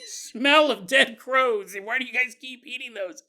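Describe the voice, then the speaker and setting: Man putting on a sick young guy, gasping, strained, yelling, very high pitch. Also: unhurried, exaggerated voice. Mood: queasy. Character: panicky sickly young man.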